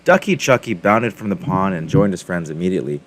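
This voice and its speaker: Low-voiced man reading a children's story. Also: a little fast, a little hiss or hum. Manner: relaxed, with ums and self-corrections. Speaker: crypto mining video host. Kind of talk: casual chat, reading a children's story aloud.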